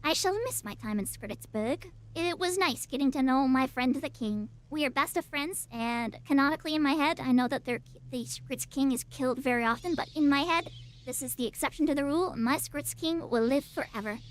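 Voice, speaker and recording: A woman's voice: high-pitched, fairly quick. A woman streamer giving chatty, playful, self-mocking commentary while playing a game. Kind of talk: casual gameplay commentary.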